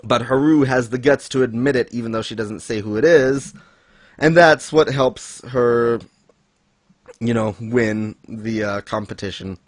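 A man co-hosting a casual chat, laughing often and acting out characters in high voices. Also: measured pace, no echo. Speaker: podcast co-host discussing manga.

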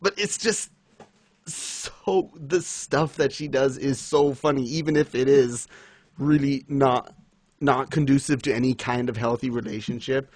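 Mid-range and a little mellow, this man's voice comes through a dry recording at a measured pace. He's a podcast co-host casually reviewing a manga chapter. He stays giggly and enthusiastic, laughing a lot as he recaps.

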